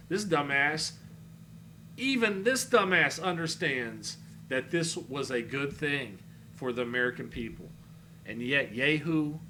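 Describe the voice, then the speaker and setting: A man's voice: mid-range voice, pushed and bright, slight background noise. A man reading online comments aloud and answering them in a blunt, sarcastic way, swearing freely. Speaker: political commentary vlogger.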